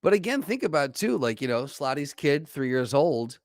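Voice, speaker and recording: A man's voice: a little high, big pitch swings, normal speed, no echo, clean studio sound. A man co-hosting a podcast in casual chat, thoughtful, searching for words with many restarts. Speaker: podcast co-host.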